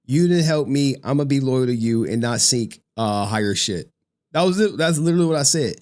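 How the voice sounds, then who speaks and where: A male streamer hosting a casual chat, talking in a profane and animated way and repeating other people's phrases back. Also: mid-range voice, brisk. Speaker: streamer host.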